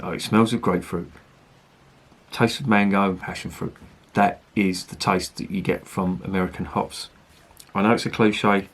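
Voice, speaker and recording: Husky, low-voiced beer reviewer. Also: male voice. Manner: rambling, chatty and sweary. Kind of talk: casual review chat.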